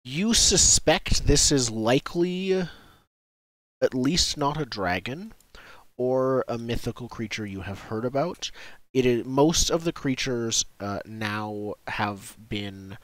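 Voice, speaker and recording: A man acting as game master, explaining rules and narrating scenes in quick, casual talk. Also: mid-range voice, fairly bright tone, no room sound. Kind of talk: running a tabletop role-playing game.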